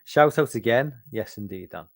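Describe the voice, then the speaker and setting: A tired middle-aged man with a British accent rambles through a late-night Q&A, sweary and full of restarts. His voice sits at an ordinary pitch and sounds dry and close, with no room around it. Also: expressive, moderate pace, dry recording. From United Kingdom. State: tired, fighting sleep. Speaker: live streamer. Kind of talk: late-night casual Q&A chat.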